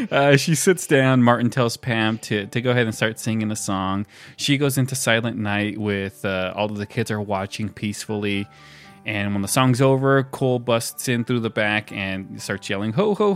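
Male co-host, mid-pitched, casual recap delivery, light laughter, faint music bed. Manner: relaxed storytelling with frequent laughs and fillers. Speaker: podcast co-host recapping a sitcom episode. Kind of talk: casual chat.

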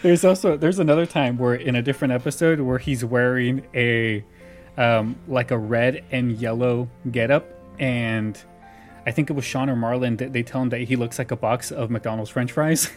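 A man talks casually, recapping a sitcom episode with frequent laughter in his voice. His pitch sits in an ordinary middle range. Faint music plays under the conversation. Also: fairly even intonation, normal speed. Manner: laughs often while retelling scenes. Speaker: podcast host recapping a sitcom. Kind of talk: casual chat.

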